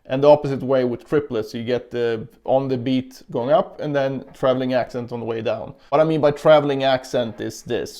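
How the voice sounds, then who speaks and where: Gravelly-voiced man teaching guitar. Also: medium pitch, fairly even intonation, normal speed. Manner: counts beats aloud while demonstrating. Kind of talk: casual instructional explanation. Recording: guitar playing in between.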